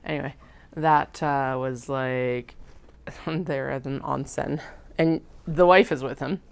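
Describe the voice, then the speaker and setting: A woman's voice: extremely low pitch, steady tone, takes it slowly, gravelly, clean tone. A young adult woman with a Western Canadian accent, chatting casually on a sewing livestream in a rambling way, with lots of fillers and uptalk.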